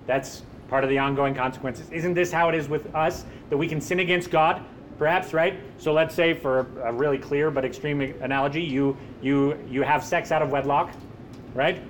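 A man's voice: fairly high pitch, a little hiss or hum. A man preaching a sermon in an emphatic way, posing rhetorical questions and answering them himself.

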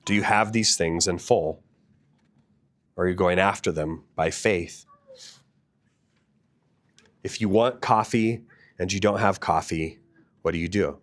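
A man's voice: sits low, unhurried, long pauses. A man preaching a sermon as a pastor, earnest and asking the listeners direct questions.

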